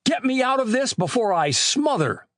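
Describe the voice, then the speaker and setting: A man's voice: a little high, very animated, a little slow, dry recording, clean studio sound. A man reading a storybook voicing an impatient, plucky teenage boy detective who speaks in a raised, strained voice. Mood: frantic.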